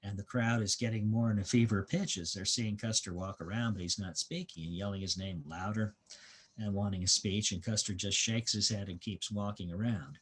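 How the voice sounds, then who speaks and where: A man with a fairly low, husky voice gives a history lecture at a museum. He speaks as a guest historian, unhurried and storytelling, and often pauses on "uh" as he goes. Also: steady tone, a bit bright.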